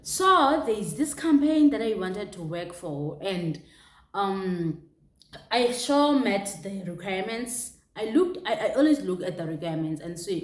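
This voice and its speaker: A young South African woman candidly telling a personal story, animated, with restarts and local exclamations. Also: medium pitch, measured pace. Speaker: vlogger. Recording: echoey room.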